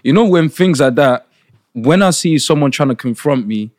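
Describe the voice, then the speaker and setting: A young man from Nigeria co-hosting a podcast, telling stories in animated, slangy casual chat. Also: fairly high pitch, normal speed, no echo, clean studio sound. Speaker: podcast co-host.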